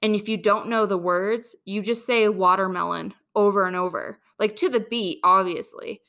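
Bright-voiced young woman hosting a podcast. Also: medium pitch, moderate pace. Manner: chatty, animated storytelling. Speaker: podcast host. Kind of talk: casual chat.

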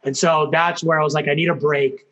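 A man telling his story as an interview guest, animated, acting out what people said, with lots of fillers. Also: fairly high pitch, fairly quick. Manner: animated storyteller, acts out quotes, many fillers. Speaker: guest, hockey coach and former player.

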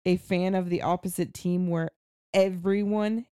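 A woman's voice: measured pace, clean tone, no room sound, studio quality. A woman in her thirties, a podcast co-host, telling stories in casual chat from a small cabin. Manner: animated storyteller, jumps to a high shriek when quoting her son.

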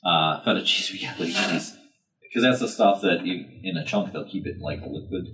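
A man's voice: low voice, fairly quick, background noise. A man telling a rambling story on a podcast, hesitant and full of fillers. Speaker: podcast co-host. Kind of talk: casual chat.

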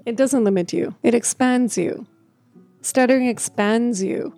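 A woman's voice: fairly high pitch, measured pace, soft background music. A woman who stutters, telling a personal story in a reflective way, with repeated words and restarts and frequent laughter. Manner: laughs often, speaks in a gentle, reflective way. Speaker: speaker sharing a personal story.

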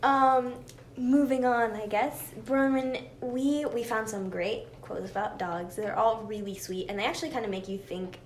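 A woman's voice: a little high, fairly even intonation, normal speed. A young woman co-hosting a podcast, chatting casually and reacting in a bubbly, gushing way. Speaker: podcast co-host. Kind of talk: casual chat. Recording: roomy with faint hiss.

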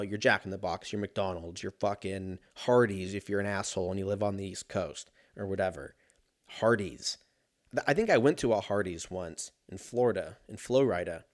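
A young man in a casual comedic rant, profane and rambling, jumping into mock voices of people he quotes. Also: fairly low pitch.

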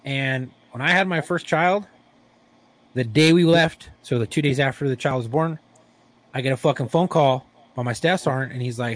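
A man's voice: mid-range voice, normal speed. A man co-hosting a casual podcast who tells stories brashly and swears heavily. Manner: profane, brash storytelling. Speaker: podcast co-host.

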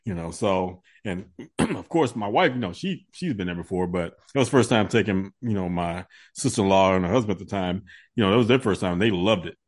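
A man co-hosting a casual chat, relaxed and rambling, laughing easily. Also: low voice, a little fast. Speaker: co-host.

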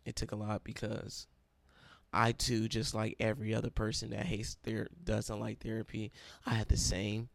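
A young college Bible study leader gives an emotional personal testimony, nearly in tears and calling himself dramatic. Yet his lowish, gravelly voice is delivered completely flat at normal speed, with a little hiss or hum in the recording.

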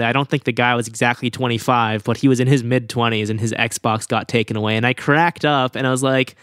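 A man hosting a podcast, chatting in an animated way and telling amused stories. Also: mid-range voice, quick pace, few pauses, smooth, dry recording, clean studio sound. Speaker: podcast host. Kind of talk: casual podcast chat.

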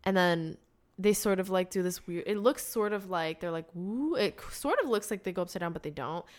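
A woman's voice: lowish voice, brisk. A woman in casual chat, retelling a movie and voicing the characters in quotes. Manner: animated, voices characters in quotes. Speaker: podcast co-host.

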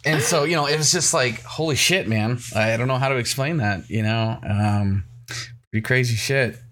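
A man's voice: mid-range voice, moderate pace, a bit bright, a little hiss or hum. Laid-back, enthusiastic man podcast co-host. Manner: laid-back and enthusiastic, loose filler words. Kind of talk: casual podcast chat.

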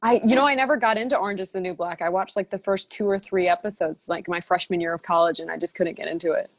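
Playful young woman podcast guest. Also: lowish voice. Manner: playful, quick quips. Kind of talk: casual podcast chat.

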